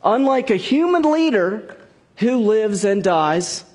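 A man's voice: high voice, big pitch swings, slow, darkish tone, husky. A man preaching a conversational sermon as a pastor, explaining scripture with frequent restarts and asides.

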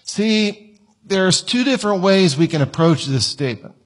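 Preacher, male, slightly high and husky, chatty sermon delivery with acted-out quotes. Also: expressive, normal speed. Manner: conversational, acts out whiny quoted voices. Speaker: pastor. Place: church.

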